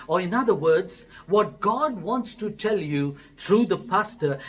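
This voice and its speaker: A man with an Indian English accent voicing a calm, patient pastor who gives gentle instructions. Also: sits high, breathy edge, full character voice.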